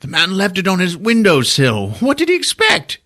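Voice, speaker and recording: Shrill, self-important tiny wizard, cowardly and theatrical, as a man puts him on. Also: wildly swooping pitch, moderate pace, sharp tone, heavily acted. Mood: pompous. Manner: indignant, theatrical. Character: pompous little male wizard, shrill and cowardly.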